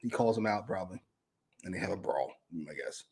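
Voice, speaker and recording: A man co-hosting a wrestling review show, musing loosely and thinking out loud. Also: low voice, animated, fairly quick, slightly rough. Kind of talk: casual review chat.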